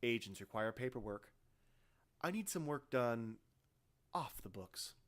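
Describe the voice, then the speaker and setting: A man voicing a calculating male corporate leader who speaks in a quiet, measured way. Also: mid-range voice, lively intonation. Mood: scheming.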